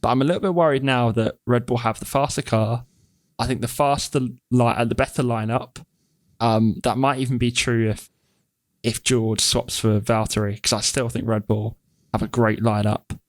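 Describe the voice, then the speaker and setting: A male podcast co-host chats in a mid-pitched voice, teasing his partner and rambling a little. The sound is dry and close. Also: steady tone, moderate pace, dry recording. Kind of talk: casual chat.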